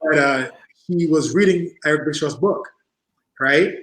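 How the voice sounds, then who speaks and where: High-voiced man telling stories in a roomy space. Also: a little slow. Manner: animated anecdotes, acts out other people's voices. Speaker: podcast guest, former tag team wrestler. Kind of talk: casual storytelling chat. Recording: roomy echo.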